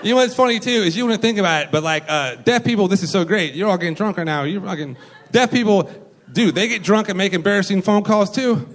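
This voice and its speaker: A man's voice: sits high, quick pace. A young man doing a stand-up comedy set on a club stage, loose and profane, full of fillers.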